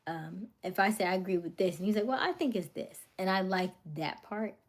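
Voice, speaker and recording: Young woman, livestream host, slightly low pitch, loose chatty delivery that keeps slipping into whispers. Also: a little mellow. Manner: rambling, many fillers, drops to whispers and back. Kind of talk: casual livestream chat.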